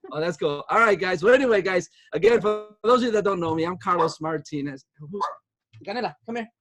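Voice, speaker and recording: A man's voice: fast, fairly bright tone. A man in his fifties giving a motivational talk from home on a video call, chatty and long-winded, repeating himself as he goes. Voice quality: upbeat and chatty, high-spirited. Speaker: guest speaker on a video call. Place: home with pet dogs nearby.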